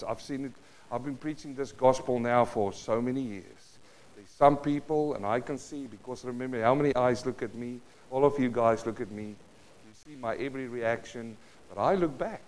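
A male pastor with a South African accent delivers a sermon. His delivery moves between near-whispered asides and loud, emphatic lines. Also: mid-range voice. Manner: dynamic preaching, swinging between hushed and loud.

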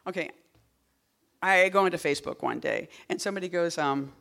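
Woman poet, casual talk at a reading, rambling and digressive, wry deadpan asides. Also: on the low side, fairly quick, gravelly. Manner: rambling and digressive, full of "like" and "you know".

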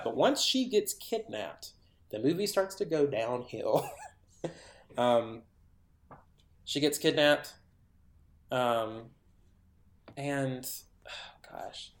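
A podcast co-host with a mid-range voice, recorded in a reverberant space, retells a movie in a casual, rambling way. He leans heavily on fillers and acts out the characters' lines.

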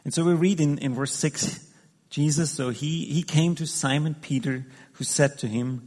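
A man's voice: fairly high pitch, normal speed, darkish tone. Man preaching in a reverberant hall. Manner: conversational, hesitant, many restarts and fillers. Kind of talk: sermon.

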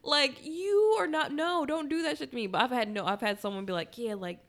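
A woman co-hosting a podcast in casual chat, frank and affirming and quick to laugh. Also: sits high. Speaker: podcast co-host.

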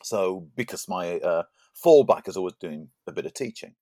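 A man's voice: low voice, expressive, normal speed, mellow, no echo, clean studio sound. A man co-hosting a podcast in casual chat, laughing often and tripping over his words. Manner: chatty, laughs often, stumbles and repeats words. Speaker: podcast co-host.

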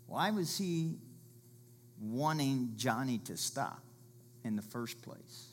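A man's voice: medium pitch, lively intonation, slow pace, pauses often. Male pastor, conversational sermon delivery, mid-range voice, bursts of volume. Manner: conversational preaching with illustrations, rises to loud calls.

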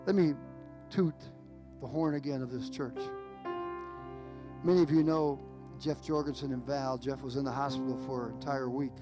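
A man preaching a sermon, emphatic and repetitive, with dramatic pauses. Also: mid-range voice, fairly even intonation, music in the background. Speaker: pastor.

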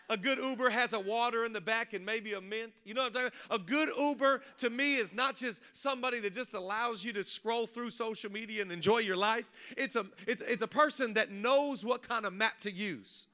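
A man, a pastor preaching a sermon, mixing funny stories with loud, rising exhortation. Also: very high-pitched, brisk. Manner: humorous storytelling, building to loud preaching. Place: church stage before a congregation.

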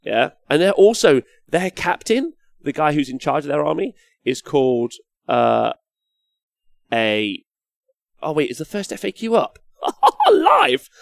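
A young man hosting a casual live stream while painting miniatures, excitable, swearing and reading chat comments aloud. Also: a little high, unhurried, creaky, no room sound. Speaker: livestream host.

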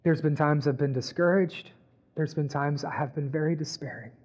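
A pastor with a high voice delivers a conversational sermon, often asking his audience "right?" The sound is dull and muffled. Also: fairly even intonation, moderate pace, darkish tone.

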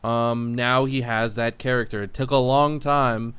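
Smooth-voiced man chatting on a podcast. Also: mid-range voice, fairly even intonation, a little slow, a bit bright, no echo. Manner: enthusiastic, rambling with fillers. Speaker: podcast co-host. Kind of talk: casual chat.

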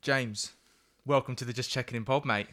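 A man's voice: mid-range voice, steady tone, moderate pace, fairly bright tone, faint music behind. A young man hosting a podcast, reading a scripted intro and then chatting and teasing his guest in a friendly way. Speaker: podcast host.

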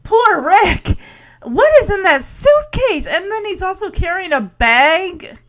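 A woman's voice: very high voice, sing-song, measured pace, a bit bright. Giggly woman recapping a show. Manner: chatty and giggly, laughs often. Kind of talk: casual recap chat.

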